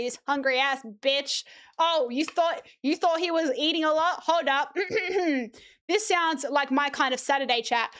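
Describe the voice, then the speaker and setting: A young woman chats on her stream, her voice pitched high. She reads a picture book aloud in a playful, jokey way and drops swear words for laughs. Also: a little slow, a bit bright. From Australia. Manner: chatty, playful, swears while reading. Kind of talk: casual chat, reading a kids' book aloud.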